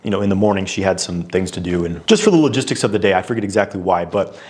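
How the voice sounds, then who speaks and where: A man's voice: low voice, fast, a little mellow. A man speaking as a relationship coach, talking straight to the viewer in a direct, conversational way, posing pointed questions and using frequent fillers. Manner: poses pointed questions to the listener. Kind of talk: direct-to-camera coaching talk.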